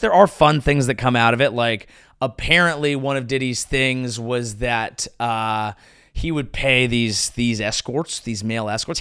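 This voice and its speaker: Comic podcast host, man, lively pitch and bright edge, crude riffing, dry close mic. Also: dry recording. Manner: crude, animated, jumps into silly impressions. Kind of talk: comedic riffing monologue.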